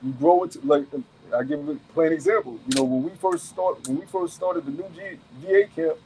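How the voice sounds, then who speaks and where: A man's voice: on the high side, fairly quick, a little mellow, a little hiss or hum, rough recording. Emphatic profane man preaching outdoors. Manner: emphatic, profane, repetitive, rhetorical questions. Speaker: camp elder and teacher. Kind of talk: street preaching to a group.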